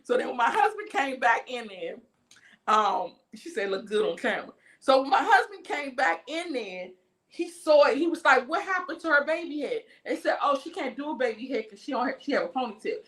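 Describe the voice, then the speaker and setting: A woman with a fairly high voice tells a story on her livestream in an animated rant. She swears freely and acts out every voice in the tale. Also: a little fast. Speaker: livestream host.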